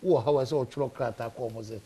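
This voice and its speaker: Fast-talking TV host man. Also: mid-range voice, warm tone, slightly rough. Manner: probing, interjecting questions. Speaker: talk show host. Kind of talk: moderating a political discussion. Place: television studio.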